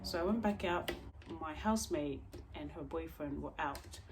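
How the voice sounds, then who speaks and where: A young woman vlogger telling a story in an expressive, emphatic way. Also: sits low, moderate pace, background noise. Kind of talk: storytime vlog.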